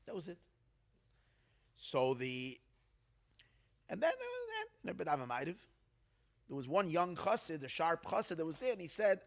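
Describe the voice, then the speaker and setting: A man's voice: a little high, wildly swooping pitch, takes it slowly, gravelly, long pauses. A man, a rabbi, telling a dramatic story at an evening gathering, acting out the quotes and repeating words to build suspense. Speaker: rabbi telling stories of tzadikim.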